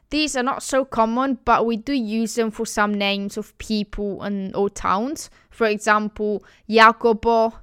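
A chatty woman from Italy speaks English with a clear Italian accent, and her voice sits a little high. She giggles often and restarts her sentences as she explains her language. The sound is smooth and dry, with no room echo. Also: a bit bright. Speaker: language vlogger. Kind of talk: casual explainer.

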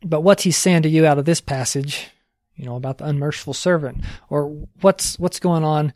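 A man's voice: a little high, moderate pace, a little mellow, no room sound, clean studio sound. Earnest man teaching a sermon. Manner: earnest, conversational, asks rhetorical questions. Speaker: pastor teaching discipleship.

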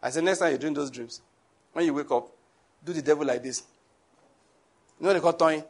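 A male pastor preaching a sermon, lively and joking, with frequent laughter and asides to the congregation. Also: on the high side, brisk.

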